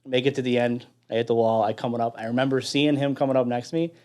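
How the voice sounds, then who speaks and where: Animated Chicago man telling a story. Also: medium pitch, quick pace. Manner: animated storyteller, laughs often, swears casually. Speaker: guest firefighter and veteran. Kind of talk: casual storytelling.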